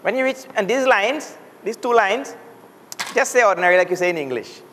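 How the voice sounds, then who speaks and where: Patient and playful, this man teaches a Sanskrit class how to pronounce the letters, voicing each sound so the students can echo it. His voice sits high and is expressive, and he moves at a fairly quick pace. Long hall reverb and faint noise surround the recording.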